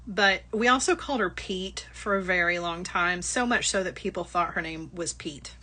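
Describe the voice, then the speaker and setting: A woman's voice: lowish voice, moderate pace, sharp tone. A middle-aged woman hosting a live craft-shopping stream, chatting casually and laughing often. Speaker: livestream shopping host. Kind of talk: casual live product chat.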